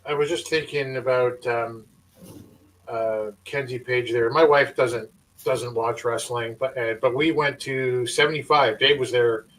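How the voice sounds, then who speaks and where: A man hosting a wrestling podcast, chatting in a relaxed, hesitant way with lots of fillers. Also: mid-range voice, unhurried, far from the mic, low-quality recording. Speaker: podcast host. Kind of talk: casual podcast chat.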